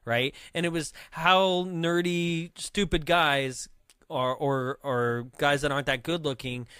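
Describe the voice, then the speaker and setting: A man's voice: on the high side, steady tone, slow pace, a bit bright, clear, resonant tone, no echo, studio quality. A man co-hosting a movie podcast, chatting casually and laughing often as he quotes the film. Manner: laughs often, quotes lines in a put-on accent. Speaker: podcast co-host. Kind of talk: casual movie review chat.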